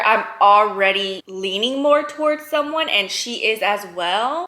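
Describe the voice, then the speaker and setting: Bright-voiced chatty woman book vlogger. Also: on the high side, no echo. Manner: chatty and expressive, rambling asides. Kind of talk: casual reading vlog chat. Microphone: phone.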